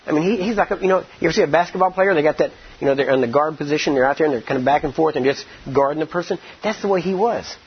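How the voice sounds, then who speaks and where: A man preaching a sermon, rambling with many "I mean" and "you know", acting out quoted speech and slowing down to stress scripture. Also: on the high side, husky. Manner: slows down and stresses words when teaching scripture. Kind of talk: sermon with storytelling. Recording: dull lo-fi recording.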